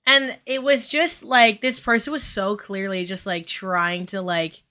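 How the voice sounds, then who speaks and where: A woman co-hosting a casual commentary chat, jumping in with quick remarks and laughing asides. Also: medium pitch, steady tone, bright, forceful tone. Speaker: podcast co-host.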